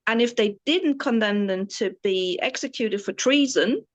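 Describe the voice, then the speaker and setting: A woman's voice: fairly high pitch, normal speed. A German-born woman in her forties, with an English accent tinged by the British Isles, telling stories as a tour guide in an enthusiastic, rambling way with many restarts. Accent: British Isles-influenced English. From East Germany. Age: 40s. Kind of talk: casual interview storytelling.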